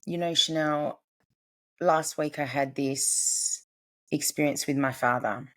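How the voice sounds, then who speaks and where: Woman, 40s, low register; earnest, confiding podcast guest. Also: slow pace. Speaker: podcast guest, family constellations practitioner. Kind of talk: personal storytelling in conversation.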